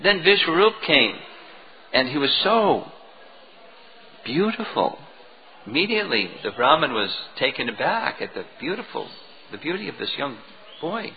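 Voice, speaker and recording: A man lecturing as a spiritual teacher, retelling a devotional story in an animated way, on a dull lo-fi recording. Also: fairly high pitch, moderate pace, pauses often, slight background noise. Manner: animated storytelling, chuckling at moments.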